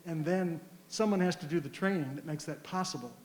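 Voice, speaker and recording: A man speaks earnestly and deliberately at a community listening session, pausing often on fillers. His voice sits a little high for a man. It rings through a large, echoey school hall, with a faint hum underneath. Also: a little mellow. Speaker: community member giving public comment.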